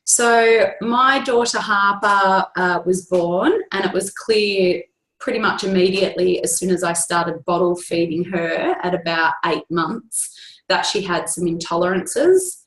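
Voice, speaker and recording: A woman on an online group call, telling the story of her young daughter's skin trouble in a steady, earnest way. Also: on the low side, a little slow, roomy sound, low-quality recording. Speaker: guest sharing a family story.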